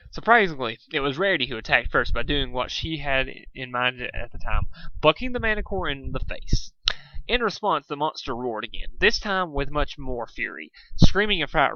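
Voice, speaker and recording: A man reading fan fiction aloud in a lively, dramatic storytelling way. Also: medium pitch, no room sound, muffled recording. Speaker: fanfic reader.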